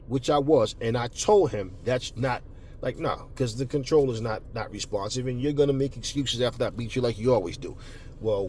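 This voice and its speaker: A man telling a casual, profane story as a boxing commentator, animated and repetitive, slipping into voices for the people he quotes. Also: mid-range voice, slight background noise.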